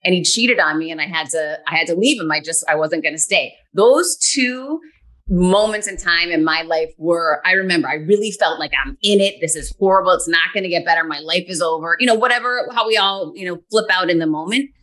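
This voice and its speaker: Woman, 40s, podcast guest; bright tone, candid and animated storyteller. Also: fairly low pitch, fairly quick. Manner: earnest, animated, acts out her own past thoughts.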